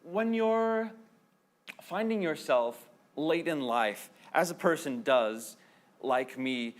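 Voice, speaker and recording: Male stage comedian, high voice, unhurried delivery, confessional, loud piano and guitar behind. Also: expressive. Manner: earnest, self-deprecating, confessional between songs. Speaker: musical comedian. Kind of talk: musical comedy set with sung songs and spoken banter. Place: live stage show with audience. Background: piano and guitar accompaniment.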